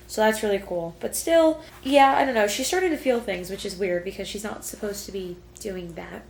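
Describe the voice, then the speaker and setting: Young female book vlogger in her twenties, reading aloud and fretting over each twist, mid-pitched voice, faint hiss behind. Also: expressive, moderate pace, vocal fry, hardly any pauses. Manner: emotional, gasping and fretting as she reads. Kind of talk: reading vlog, reading aloud and reacting.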